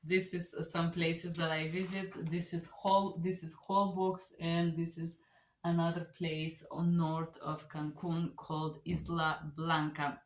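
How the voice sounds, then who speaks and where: A woman language teacher telling a story in a casual, animated way, with phrasing. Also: lowish voice, a little slow. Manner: animated, chatty, non-native phrasing. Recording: echoey room.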